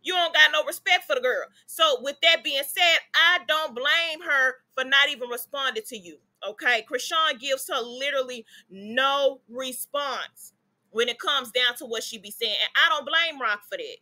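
A woman with a Southern US accent and a high-pitched, sharp voice dishes on celebrity gossip at a normal speed. She's sassy and chatty, addressing her viewers as y'all and baby.

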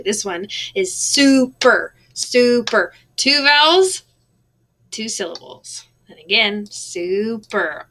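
A woman teacher giving a recorded lesson, patient and drawing out words slowly to count out their beats. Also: medium pitch, pushed and bright.

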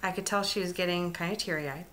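Bright-voiced chatty woman crafter. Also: fairly low pitch, steady tone, quick pace, slight background noise. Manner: warm storytelling, emotional, chatty with restarts. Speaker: crafting vlogger. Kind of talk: casual vlog chat.

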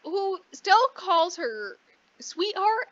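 A woman co-hosting a podcast, casually recapping a book in a rambling way, swearing freely and acting out the characters in quick asides. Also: extremely high pitch, very animated, a bit bright, dry recording. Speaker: podcast co-host. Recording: dull lo-fi dry recording.

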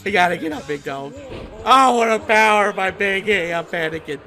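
A man giving excitable, profane gameplay commentary, trash-talking and bursting into shouts while he plays. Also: sits high, moderate pace, faint music behind. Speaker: gaming YouTuber.

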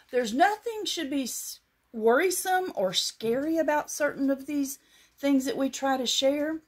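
Speaking in a high, unhurried voice, a Southern American woman vlogs casually, showing things off and reading scripture to her viewers. Her manner is homespun and chatty, in a show-and-tell style.

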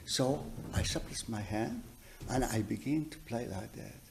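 A man teaching a double bass masterclass, telling anecdotes in halting speech, often restarting sentences as he searches for words, then turning emphatic. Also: vocal fry, noisy background. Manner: animated, emphatic storytelling. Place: music college teaching room.

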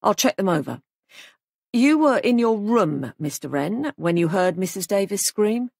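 A woman's voice: mid-range voice, very animated, unhurried, creaky, a little mellow, no room sound, clean studio sound, exaggerated voice. A woman voicing a stern male police sergeant in an audiobook, speaking in a firm, clipped, probing way. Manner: firm, clipped, pressing questions.

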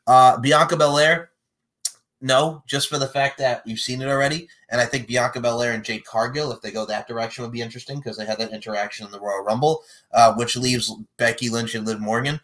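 A man hosting a casual chat, animated and joking, with sudden loud bursts. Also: medium pitch, brisk. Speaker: podcast host predicting wrestling matches.

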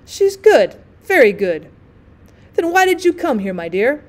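A woman's voice: sits high, very animated, unhurried. A woman reading the part of an arrogant young male Prussian officer who mocks and boasts with a laugh in his voice. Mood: sneering.

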